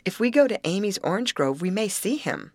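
A woman's voice: mid-range voice, sing-song, fairly quick, no room sound, voice pushed up. A woman reading an audiobook, voicing a curious, hopeful teenage girl asking eager questions.

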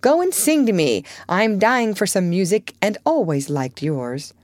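A woman reading aloud, voicing a spirited, blunt young woman who scolds briskly and comforts softly. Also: mid-range voice, very animated, no room sound, voice pushed up. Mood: brisk teasing.

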